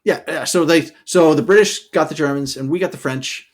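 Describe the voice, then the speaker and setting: A man co-hosting a podcast, telling history as a loose, animated story, full of "okay" and "all right" asides. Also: a little high, a little fast. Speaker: podcast co-host. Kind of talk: casual storytelling chat.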